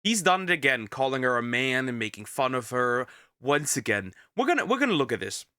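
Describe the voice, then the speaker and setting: A man's voice: mid-range voice, sing-song, brisk, bright, forceful tone, smooth, no echo, studio quality. A man who is a little sick, giving casual reaction commentary as a streamer, rambling with many restarts and repeated words. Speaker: vtuber reacting to a video.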